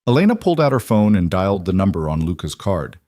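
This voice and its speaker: A man narrating a drama story in a measured, even storytelling manner. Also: sits low, no echo, studio quality. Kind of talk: scripted narration.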